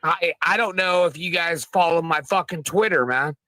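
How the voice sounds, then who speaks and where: A man's voice: on the high side, moderate pace, sharp tone, dry recording. A man on a radio show ranting angrily about a custody fight, profane and stammering. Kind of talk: heated talk radio rant.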